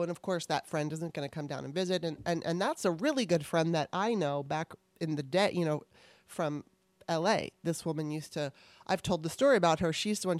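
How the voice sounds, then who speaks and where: A woman's voice: lowish voice, no echo. Candid rambling middle-aged woman, dry sound. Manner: candid, rambling, swears freely. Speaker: podcast co-host. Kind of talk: casual chat.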